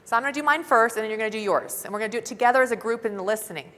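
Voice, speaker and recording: Woman speaker, fairly high bright voice, fervent and casual, reverberant conference hall. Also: racing. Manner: fervent, casual, audience-rousing. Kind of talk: motivational seminar talk. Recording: hall reverb from live event.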